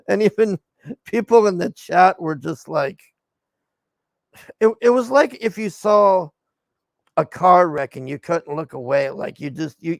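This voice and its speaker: A man's voice: on the high side, vocal fry, dry recording. A male streamer and show host chatting casually to his viewers in a rambling, laid-back way, with lots of fillers and some swearing.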